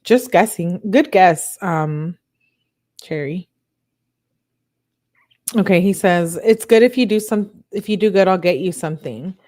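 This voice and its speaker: A woman hosting a show, reading text messages aloud in a plain, steady way and breaking off for blunt, disbelieving asides to her viewers. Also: on the low side, a little slow, pauses often. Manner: reads chat comments aloud to viewers. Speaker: channel host.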